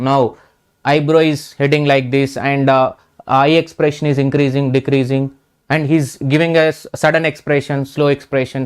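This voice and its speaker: A man's voice: a little high, clear, resonant tone. A middle-aged man with an Indian English accent, teaching an exam revision lecture, repeating key terms and checking in with "right?".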